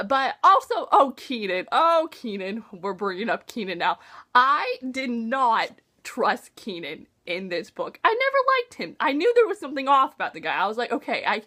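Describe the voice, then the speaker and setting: A young woman chats about a novel she just finished in a casual vlog. Her voice sits high and bounces around a lot, and she talks in an emotional, gushing, slangy way. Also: huge pitch swings, normal speed, sharp tone. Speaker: book reviewer. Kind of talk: casual book talk vlog.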